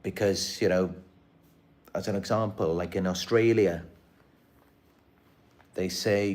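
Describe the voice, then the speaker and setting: A man with a lowish voice speaks straight to his viewers in a loose live-stream monologue. He sounds earnest and aggrieved and circles back over the same points. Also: fairly even intonation, takes it slowly, pauses often, a little mellow. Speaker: channel host.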